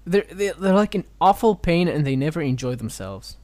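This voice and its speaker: Lively joking man co-host. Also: a little high, normal speed, no echo. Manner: jokey, teasing, jumps into goofy voices. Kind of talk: crude comedic banter.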